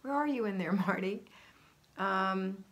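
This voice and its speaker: Speaking unhurriedly in a mid-range, fairly bright voice, a middle-aged woman hosts a homemaking livestream. She reads viewers' comments aloud in casual, upbeat chat, greeting them by name.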